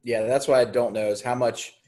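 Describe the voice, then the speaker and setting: Sports talk cohost guy, explains stuff carefully, hedges a lot, average pitch. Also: steady tone, brisk, warm tone. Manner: thoughtful, explanatory, hedging.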